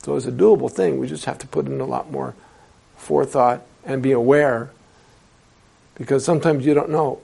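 Gravelly-voiced man lecturing a class. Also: medium pitch, normal speed, mellow. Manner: explanatory, asks the class rhetorical questions. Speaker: translation instructor.

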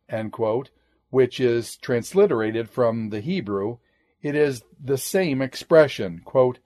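In a darkish tone, a man methodically teaches a Bible study lecture. He marks each citation with "quote" and "end quote," and his pitch and volume drop every time he closes one.

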